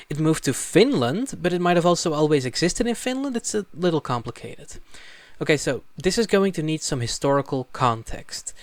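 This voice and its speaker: A man's voice: a little high, big pitch swings, normal speed, no room sound. A man narrating an educational video in a scripted style, with wry, casual asides and sudden emphatic jumps. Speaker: language video creator.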